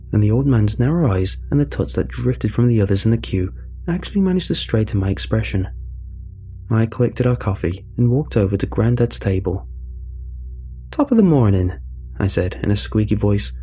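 A man narrating a first-person story in a measured, dry way. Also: lowish voice, lively intonation, mellow.

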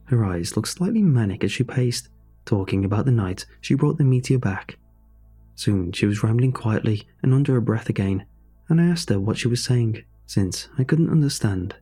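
Guy reading a creepy story, dark mellow tone, bit husky, soft music behind. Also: medium pitch, expressive, normal speed. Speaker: narrator. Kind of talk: horror story narration.

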